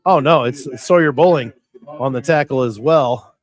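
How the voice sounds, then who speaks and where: A man giving folksy, rambling play-by-play commentary on a high school football game, often correcting himself. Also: normal speed, no echo. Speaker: play-by-play announcer.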